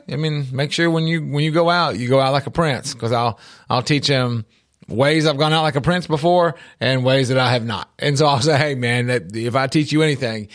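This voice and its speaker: A middle-aged man co-hosts a casual talk show, voice sitting at an ordinary middle pitch. He tells his stories with animated emphasis. He often repeats a word or two as he gets going. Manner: storytelling, animated, repeats words when starting sentences. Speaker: podcast co-host. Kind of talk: casual faith and life talk.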